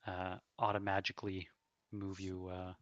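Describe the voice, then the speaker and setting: A man's voice: low-pitched, monotone, moderate pace, fairly bright tone, dry recording, lo-fi sound. A man running a tabletop game as game master, with a hesitant way of talking and many fillers.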